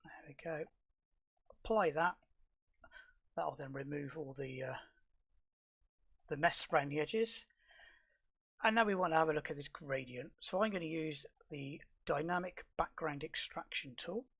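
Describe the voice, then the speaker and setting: A middle-aged man calmly explaining software steps in a tutorial, with fillers and restarts. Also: on the high side, unhurried, vocal fry, pauses often, breathy edge, dull audio. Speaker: astrophotography tutor. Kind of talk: screen-recorded software tutorial.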